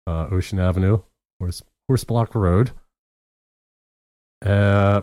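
A man's voice: deep voice, takes it slowly, long pauses, darkish tone, no echo. Dry, profane man rambling through a story. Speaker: podcast co-host. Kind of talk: casual podcast chat. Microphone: own mic, recorded separately.

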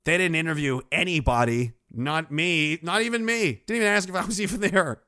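A man's voice: a little high, fairly quick, pushed and bright, no echo, studio quality. A man streaming casually, reading out chat messages with a sarcastic, rambling manner. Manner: sarcastic, rambling, many fillers.

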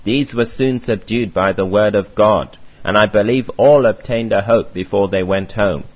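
A man reading a first-person memoir aloud in a measured, earnest way, on a muffled lo-fi recording. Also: fairly low pitch. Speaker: audiobook reader.

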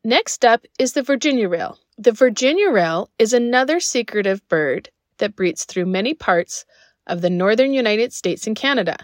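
Woman podcast host with a fairly high voice, upbeat scripted read with chatty asides, dry close recording. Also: expressive, normal speed, dry recording. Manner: friendly, enthusiastic, with chatty personal asides.

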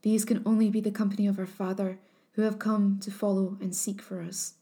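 A woman's voice: medium pitch, flat delivery, a little fast, mellow, natural voice. A woman voicing a young princess turned into a swan, speaking in a grave, formal way in a storybook reading. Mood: hopeful.

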